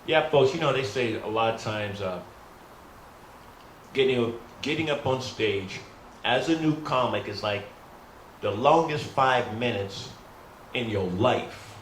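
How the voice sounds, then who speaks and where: A man's voice: medium pitch, animated, measured pace, pauses often. A middle-aged man rehearsing stand-up comedy in a rambling, self-deprecating way, often calling out to the folks. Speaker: new stand-up comic. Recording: roomy echo, faint hum.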